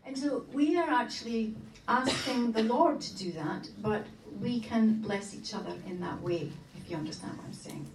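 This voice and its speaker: A woman's voice: fairly high pitch, moderate pace, few pauses. Hesitant woman speaking in an echoey hall. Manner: hesitant, with many fillers and restarts. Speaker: marriage course co-leader. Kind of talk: informal talk to a group of couples. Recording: roomy hall, distant mic, background noise.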